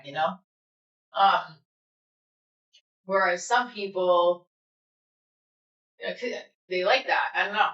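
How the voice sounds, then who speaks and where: A woman's voice: mid-range voice, unhurried, pauses often, bright, forceful tone. A woman hosting a casual livestream chat with viewers, candid and rambling, swearing freely. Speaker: livestream host. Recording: echoey room, slightly dull audio.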